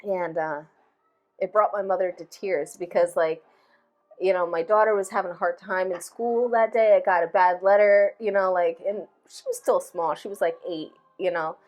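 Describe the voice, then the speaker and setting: A woman in her thirties hosting a podcast, telling personal stories in a relaxed, reflective way, full of filler phrases. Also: lowish voice, moderate pace. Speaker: podcast host. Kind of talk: casual heartfelt conversation.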